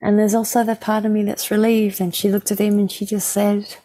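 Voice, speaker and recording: A woman who works as a mediator, gently and reflectively telling a personal story in an interview. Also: medium pitch, flat delivery, a little fast.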